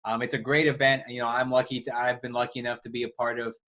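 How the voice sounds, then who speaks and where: A man's voice: medium pitch, fast talker. Man asking interview questions. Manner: friendly, relaxed with fillers.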